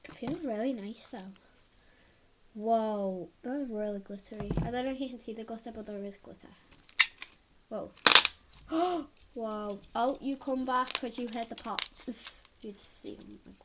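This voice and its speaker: A woman with a cold, sniffling as she reviews slime in a chatty, excitable way at home, often gasping and exclaiming. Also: fairly high pitch, moderate pace. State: has a head cold, sniffling. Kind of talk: casual unboxing chat. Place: at home, filming on the floor. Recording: loud background noise and clicks.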